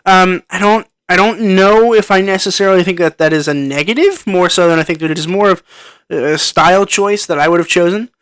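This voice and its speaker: Brisk and smooth, his high voice has a fairly bright tone on a dry recording. This movie reviewer chats loosely about a film into a computer microphone, wandering off track and restarting often with plenty of ums.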